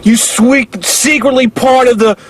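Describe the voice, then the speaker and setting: A man's voice: very high voice, fairly even intonation, unhurried, low-quality recording. A man voicing a combative, foul-mouthed man with a heavy stutter who keeps getting stuck on words. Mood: ranting. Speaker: caller doing an impression.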